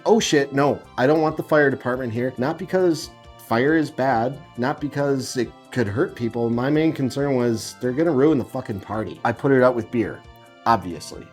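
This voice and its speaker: A man telling a confessional story in a profane, sarcastic, self-mocking and animated way. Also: medium pitch.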